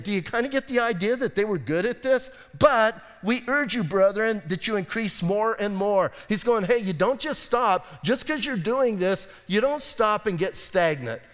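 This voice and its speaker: A man preaching a casual, joking sermon as pastor, acting out quick asides in other voices. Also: sits high, big-room sound. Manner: animated, jokey preaching with acted asides.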